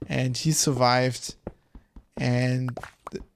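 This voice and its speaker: A man's voice: mid-range voice, flat delivery, extremely slow, creaky, slight background noise. A man streaming a game, rambling in loose, casual chat full of swearing and fillers. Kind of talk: casual chat while gaming.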